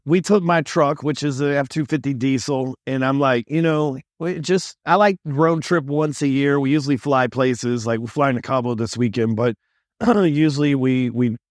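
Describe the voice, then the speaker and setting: A man's voice: medium pitch, fairly even intonation, moderate pace, no echo, studio quality. A middle-aged man co-hosting a podcast, telling stories in a rambling, joking way. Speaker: podcast co-host. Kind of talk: casual chat.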